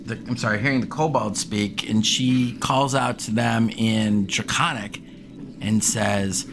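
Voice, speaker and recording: A man's voice: fairly low pitch, steady tone, unhurried, background noise. A man running a tabletop game as game master, narrating unhurriedly with many ums. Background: background music.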